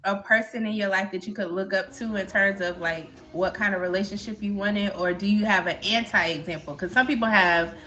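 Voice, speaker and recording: A woman hosting a relaxed interview, asking questions and giving quick backchannels. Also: mid-range voice, muffled recording. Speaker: host. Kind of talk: casual interview chat.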